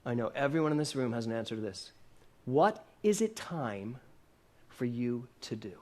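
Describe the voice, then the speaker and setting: This man in his sixties, a minister, speaks at a moderate pace with an expressive, medium-pitched, darkish voice. Addressing his congregation in a church hall, he fires off questions and jokes, laughing now and then.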